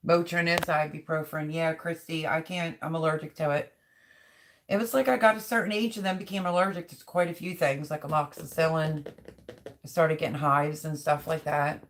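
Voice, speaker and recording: A woman's voice: low voice, steady tone, moderate pace, a little hiss or hum. A middle-aged woman hosting a live stream, reading viewers' chat comments aloud and answering them in a heartfelt, openly emotional, chatty way. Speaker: livestream host.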